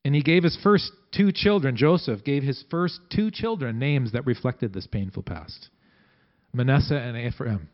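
A man preaching a sermon in a conversational way, acting out quotes with big swings in pitch and loudness. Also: expressive, moderate pace, lo-fi sound. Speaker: pastor.

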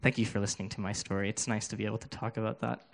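A man's voice: fairly low pitch, level tone, creaky. Earnest man preaching a sermon. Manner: earnest, halting with repeated restarts. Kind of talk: sermon with personal testimony. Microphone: handheld microphone.

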